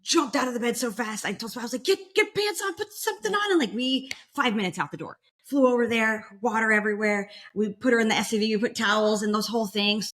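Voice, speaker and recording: A young woman from Florida, guesting on a podcast, tells a long story in casual chat and animatedly acts out the voices of the people in it. Her voice is fairly high, and she talks fast with few pauses.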